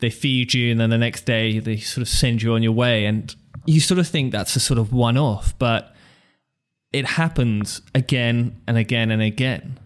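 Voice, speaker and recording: A man's voice: medium pitch, normal speed, clean tone. A man hosting a podcast, chatting casually, sharing his own stories and asking follow-up questions. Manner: relaxed storyteller, asks follow-up questions. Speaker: podcast host.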